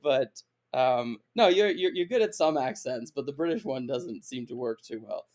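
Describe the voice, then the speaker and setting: A man's voice: mid-range voice, expressive, normal speed, darkish tone. A man co-hosting a podcast, teasing and laughing easily, often restarting his sentences. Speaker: podcast co-host. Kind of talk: casual podcast chat. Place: home, recorded remotely.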